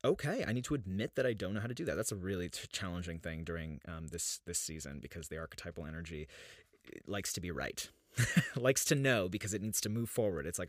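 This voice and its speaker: A man's voice: low-pitched, animated, quick pace, dry recording, clean studio sound. A man in his thirties hosting a podcast, talking in an earnest, searching way about inner life, often restarting his sentences. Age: 30s. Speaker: podcast host. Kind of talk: reflective spiritual podcast talk.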